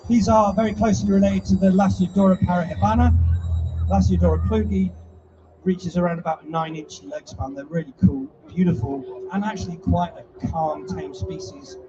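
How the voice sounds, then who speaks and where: A man's voice: sits high, steady tone, a little fast, background noise. A man presenting a live animal show to an audience, chatty and teasing with a playful showman's patter. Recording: distant mic, dull sound, music behind.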